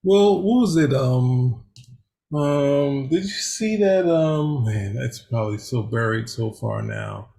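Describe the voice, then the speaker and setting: A man's voice: medium pitch, animated, slow pace, vocal fry, mellow. A man co-hosting a podcast, rambling in casual chat with many hesitations. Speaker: podcast co-host.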